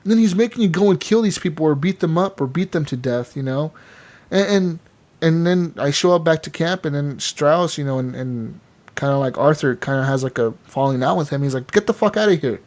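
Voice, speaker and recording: A man on a casual gaming podcast, recounting what happened with lively energy. His voice sits a little higher than most men's, and he curses offhandedly as he talks. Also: brisk. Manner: animated storytelling with casual swearing. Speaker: podcast co-host.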